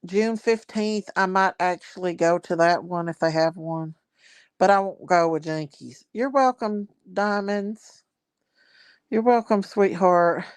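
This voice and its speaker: A woman's voice: mid-range voice, clear, resonant tone, dry recording. A woman hosting a casual livestream, chatting and reading viewer comments aloud. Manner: chatty, reads viewer comments aloud, Southern-style grammar. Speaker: livestream host.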